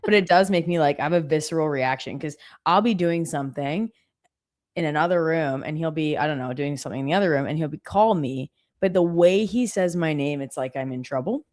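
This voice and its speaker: Low-voiced woman telling stories. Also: fairly quick. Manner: animated storyteller, mimics her husband. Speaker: co-host of a live trading stream. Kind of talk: casual chat.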